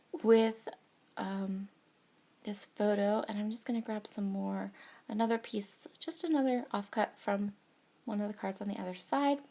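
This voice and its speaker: A chatty woman in her thirties talks through a craft project, hoarse from a cold, with a gravelly, fry-edged voice at a middle pitch. She gushes over cute things in a bubbly, casual way. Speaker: scrapbooking crafter. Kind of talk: casual crafting tutorial chat.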